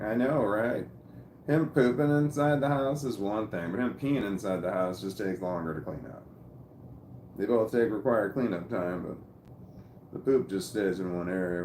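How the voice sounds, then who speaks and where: A middle-aged man chatting casually on a livestream from home, reading viewers' comments aloud and rambling with halting restarts. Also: lowish voice, a little mellow, echoey room, slight background noise.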